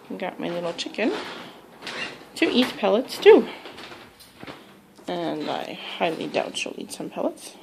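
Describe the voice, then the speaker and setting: Woman baby-talking her parrots at home, slow and kinda gravelly, birds around. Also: lowish voice, a little hiss or hum, poor audio. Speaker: pet vlogger. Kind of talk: casual narration talking to pet birds.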